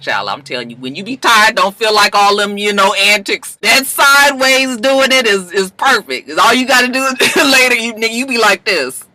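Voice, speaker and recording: Sharp, animated woman recapping a show. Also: fairly low pitch, no echo. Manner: animated, profane, acts out characters' lines. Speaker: TV episode reviewer. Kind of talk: casual recap vlog.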